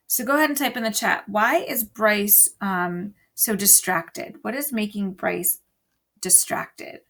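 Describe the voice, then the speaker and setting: Woman, teacher, reading aloud to an online class, expressive storytelling, gravelly fry. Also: mid-range voice, unhurried.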